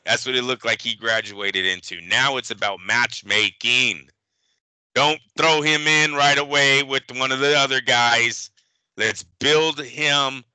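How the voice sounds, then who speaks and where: A man's voice: mid-range voice, unhurried, bright, forceful tone, clean tone, no room sound, poor audio. A man co-hosting a boxing talk show in casual chat, blunt and profane, calling people man.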